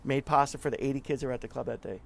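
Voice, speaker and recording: A man's voice: mid-range voice, fairly even intonation, rapid-fire, gravelly. A man guest in an interview, telling stories in an earnest, conversational way and often repeating words as he talks. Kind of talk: conversational storytelling.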